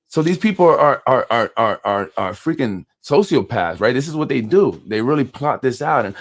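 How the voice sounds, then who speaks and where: A man from New York hosts a live call-in politics show and recounts a run-in at length. He tells it with lively energy, acting out other people's lines and stumbling over repeated words when he gets heated. His voice sits at an ordinary middle pitch. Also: moderate pace, hardly any pauses. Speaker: host of a local politics show.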